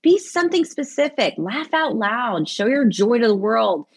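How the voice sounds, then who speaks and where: A woman's voice: a little high, big pitch swings, moderate pace, breathy edge. A woman, chatting in an interview as the guest, laughing often and telling stories with animation. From American South. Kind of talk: casual interview chat.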